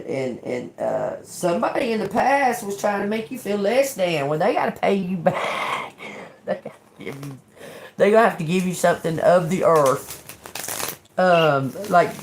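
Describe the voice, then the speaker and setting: Her voice is lowish and animated at a moderate pace, with slight background noise. She's a tarot reader on a casual live stream, upbeat and encouraging, tagging "okay?" onto many lines, stumbling into repeats and restarts, and dropping joking, sarcastic asides.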